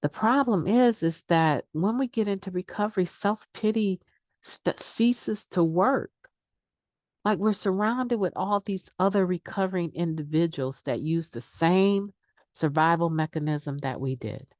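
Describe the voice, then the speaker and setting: Woman, low voice, dry close sound, middle-aged, candid recovery share, conversational. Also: a little slow, darkish tone, no echo. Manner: candid, conversational, acts out quoted excuses. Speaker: recovery meeting speaker. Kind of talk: daily meditation reading and sharing.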